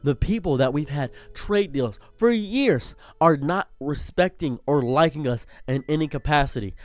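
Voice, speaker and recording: A man's voice: fairly high pitch, animated, normal speed, few pauses, no echo, faint music behind. Impassioned young man ranting, near tears. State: holding back tears. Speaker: streamer. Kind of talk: emotional commentary rant.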